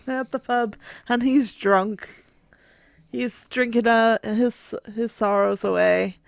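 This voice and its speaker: Woman, storyteller, casual podcast, giggly, halting, high, dry close sound. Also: fairly even intonation, creaky, no room sound. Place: home.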